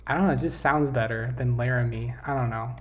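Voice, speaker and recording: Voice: mid-range voice, fast talker. A vlogger thinking aloud while playing a map quiz, trailing off and correcting themself, recorded on a desk mic. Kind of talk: casual talk over a map quiz game.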